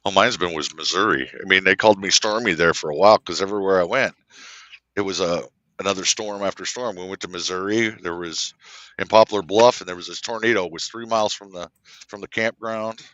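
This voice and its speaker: An animated man from Kansas, a little low in pitch, telling stories over a livestream and acting out other people's voices. His voice is bright and forward, but the recording is dry and a bit dull. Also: brisk, no echo. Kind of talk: casual livestream chat. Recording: slightly dull lo-fi.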